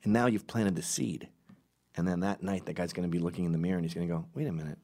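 A man's voice: sits low, fast, darkish tone. A man telling a crude, rambling comic story in a brash, casual way.

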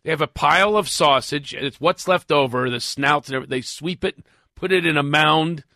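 A man's voice: a little high, brisk, gravelly, no echo. A man from Philadelphia with a Philadelphia accent, a comedian guest on a studio talk show, telling jokes and stories in punchy bursts. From Philadelphia, USA. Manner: punchy joke-telling, animated storytelling. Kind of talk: studio chat with comic stories.

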